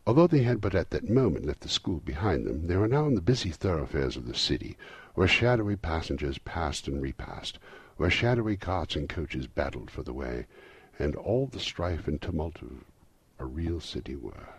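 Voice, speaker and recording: A man narrating a classic novel as an audiobook, reading in a lively, expressive way. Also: a bass voice, moderate pace, breathy edge, no room sound.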